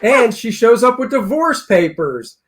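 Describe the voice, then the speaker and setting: A man co-hosting a casual TV episode review, excitable and quick to break into loud exclamations. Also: very high voice. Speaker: show co-host.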